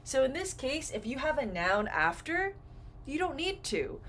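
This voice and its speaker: A woman's voice: high-pitched, unhurried, slight background noise. A woman English teacher giving a grammar lesson, acting out example phrases as she explains. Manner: animated, acts out example phrases.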